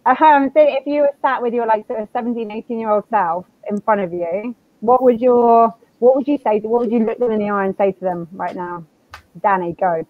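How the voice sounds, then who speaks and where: A woman hosting a panel talk, friendly and quick to laugh. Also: fairly high pitch, no room sound. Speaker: host, co-founder. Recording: tinny phone-like line, dry.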